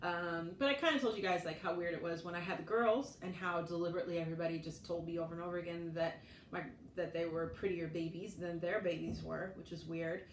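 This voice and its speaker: A lower-voiced woman in her forties tells stories in a loose, chatty way, often laughing and acting out other people's lines. She is recorded from a few feet off in a room with plenty of echo and a faint hiss of noise. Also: fairly even intonation, fast talker. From United States. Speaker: vlogger. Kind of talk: casual storytelling chat. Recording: echoey room, mic at a distance, faint noise.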